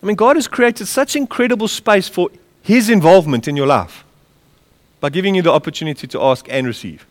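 A man preaching a sermon, impassioned and lively, with chuckles as he tells stories. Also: sits high, a little fast. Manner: impassioned, with a lively rise and fall; chuckles while telling stories. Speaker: pastor. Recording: long reverb of a large hall.

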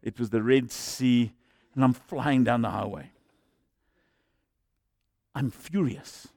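Pastor guy preaching, middle-aged, goes from quiet story to loud shouting, dry room. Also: medium pitch, takes it slowly, gravelly, dry recording. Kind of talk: sermon.

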